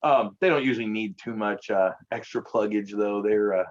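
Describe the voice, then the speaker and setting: A man chatting casually as an interview guest, telling lively stories and acting out the voices of the people in them. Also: lowish voice, moderate pace, dull audio. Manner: animated storyteller who acts out quoted voices. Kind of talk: casual storytelling chat.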